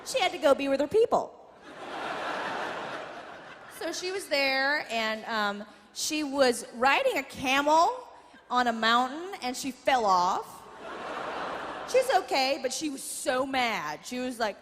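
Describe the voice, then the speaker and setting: High-voiced woman doing stand-up. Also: big pitch swings, slow pace, long pauses, long reverb tail, noisy background. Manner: chatty, self-mocking, swears for punch. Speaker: stand-up comedian. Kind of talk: stand-up comedy. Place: large theater stage. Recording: live theater with audience.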